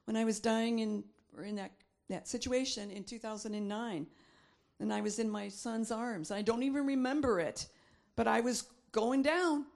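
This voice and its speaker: A woman's voice: fairly high pitch, moderate pace, creaky, a little mellow. A middle-aged woman preaching a sermon, reading scripture aloud and repeating phrases for emphasis.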